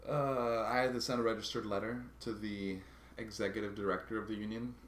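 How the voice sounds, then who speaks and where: Low-voiced man, halting vlog storytelling. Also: little pitch movement, a bit bright, echoey room. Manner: halting, restarts and repeats words while recounting a grievance. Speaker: vlogger.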